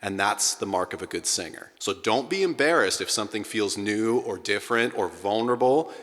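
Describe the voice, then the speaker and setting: A middle-aged man teaching a singing class, energetic and breaking into sung sounds to demonstrate. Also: lowish voice, brisk. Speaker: vocal coach. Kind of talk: singing lesson to a group. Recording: hall with long reverb.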